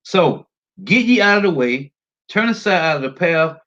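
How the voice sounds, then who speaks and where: A man preaching a street-style sermon, reading scripture aloud and talking emphatically, often ending phrases with a low, tossed-off "man.". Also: expressive, normal speed, bright, forceful tone, dull audio.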